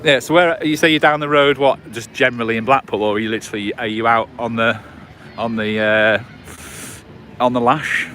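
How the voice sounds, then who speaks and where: A man in his forties from England hosts a casual livestream outdoors on a promenade at night, filming on a phone on a gimbal and rambling with lots of fillers and restarts. His mid-range voice is fairly even, a little fast, bright and forceful, with slight noise in the background.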